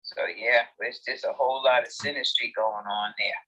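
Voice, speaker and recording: A man hosting a casual chat in an audio room, animated and exclamatory, laughing often as he talks. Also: medium pitch, normal speed, dull audio. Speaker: host.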